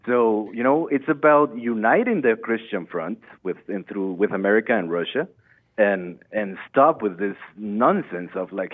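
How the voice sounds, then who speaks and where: A man's voice: on the low side, moderate pace. A man calling in to a talk show, rambling earnestly about politics and repeating himself. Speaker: caller. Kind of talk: phone-in political rant. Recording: tinny phone line.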